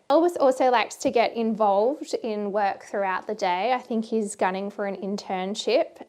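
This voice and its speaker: A young woman presenting a workplace safety video in a friendly, chatty instructional way. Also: mid-range voice. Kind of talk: casual instructional talk.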